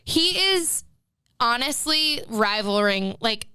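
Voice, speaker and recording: A bubbly young woman co-hosting a podcast, talking in a bright, high-ish voice that sounds smooth and resonant. She tells animated stories and swears freely. The sound is close and dry, with no room in it. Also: takes it slowly, no room sound. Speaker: podcast co-host. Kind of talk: casual chat.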